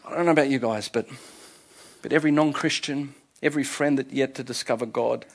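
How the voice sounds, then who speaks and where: A man's voice: mid-range voice, brisk, low-quality recording. An Australian man preaching a sermon as pastor, emphatic, with repeated phrases and restarts.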